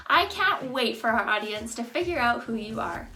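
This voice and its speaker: A woman's voice: a little high, expressive, normal speed, creaky, few pauses, bright, forceful tone. A woman hosting a community talent show, reading out thanks and a sponsor list in an upbeat scripted way. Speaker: show host. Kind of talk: scripted announcement.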